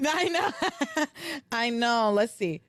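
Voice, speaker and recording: A woman co-hosting a podcast, recapping episodes in animated casual chat and acting out quoted lines. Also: a little high, very slow, dry recording. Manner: animated, recounting with quoted voices. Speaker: podcast co-host.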